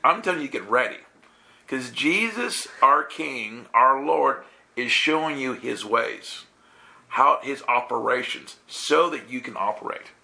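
Gravelly bright-voiced guy preaching, animated and laughing, does little voices for people. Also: medium pitch, a little slow. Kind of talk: lively sermon with storytelling.

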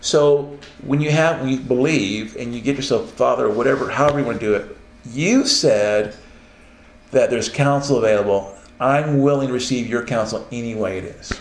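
A man's voice: mid-range voice, moderate pace, reverberant, slight background noise. A man preaching an informal sermon, acting out quoted voices and laughing often as he teaches.

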